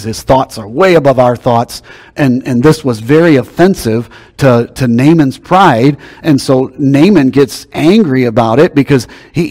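A man preaching a sermon, telling folksy stories and swinging between quiet low asides and loud outbursts. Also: in a large hall, low-quality recording. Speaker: pastor.

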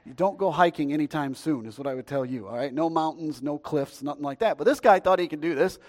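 A man preaching a sermon, telling stories in a lively, conversational way with jokes aimed at the congregation. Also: on the high side, quick pace, big-room sound. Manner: storytelling, lively and conversational, joking aside to the congregation. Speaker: pastor.

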